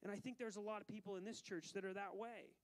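A man preaching a sermon as pastor, animated, switching between loud emphasis and quiet asides, with frequent laughs between phrases. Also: high voice, fast talker, poor audio.

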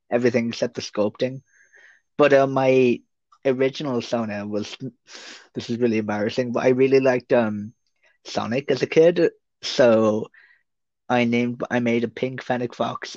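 A man's voice: mid-range voice, darkish tone, dry recording. Young irish guy rambling on a podcast, lots of ums, dead dry muffled sound. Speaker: podcast guest, streamer. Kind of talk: casual interview chat.

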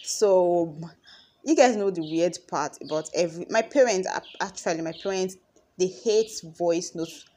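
A young woman with a Nigerian accent, talking casually to her followers in a chatty, expressive way. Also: lowish voice, unhurried. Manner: chatty and expressive, acts out conversations. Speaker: vlogger.

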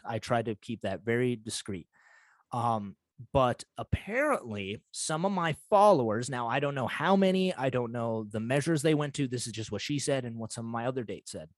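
A man's voice: mid-range voice, no room sound. A young man hosting a solo podcast, telling a story in a rambling, defensive way full of "like" and "uh". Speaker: podcast host. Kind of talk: casual solo podcast talk.

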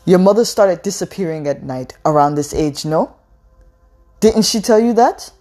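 A woman reading a story aloud and voicing an angry middle-aged father who shouts accusations at his daughter and wife. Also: lowish voice, lively intonation, normal speed, faint music behind, voice pushed up. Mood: furious shouting. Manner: bellowing, accusing, loud.

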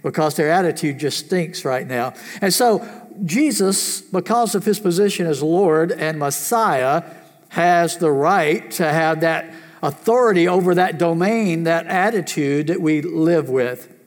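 A man's voice: on the high side, expressive, a little slow. A man preaching a sermon, telling a folksy joke and then teaching earnestly from scripture. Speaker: pastor. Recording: reverberant hall.

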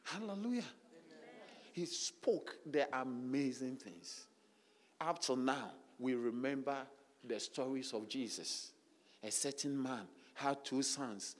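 A man's voice: mid-range voice, slow pace. A man preaching a sermon, emphatic and repetitive, calling out to the congregation with frequent hallelujahs. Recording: long reverb of a large hall.

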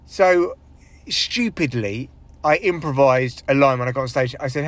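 A man's voice: mid-range voice, moderate pace, no room sound. A young man, a stand-up comedian, talking in a casual solo podcast monologue, rambling, swearing and running himself down. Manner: rambling, sweary, self-deprecating, with big vocal swings when acting out others.

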